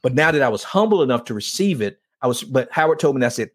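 A man with an ordinary middle-pitched voice tells an emotional personal story on a faith talk show. He speaks earnestly and acts out the exchanges as he goes. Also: lively intonation, fast talker, few pauses, breathy edge. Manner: earnest storyteller acting out dialogue. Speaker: show host and men's ministry leader.

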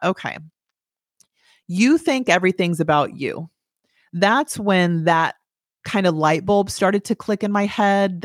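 A woman's voice: medium pitch, no room sound, clean studio sound. A young adult woman hosting a podcast, telling a personal story in a candid, blunt way and swearing freely. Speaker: podcast host.

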